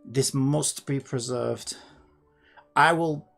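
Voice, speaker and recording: A person hosting a casual coding vlog, thinking aloud in an excitable, rambling way, pleading with the computer and sometimes dropping to a muttered whisper. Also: medium pitch, takes it slowly, gravelly, faint music behind. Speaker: hobbyist developer and channel host.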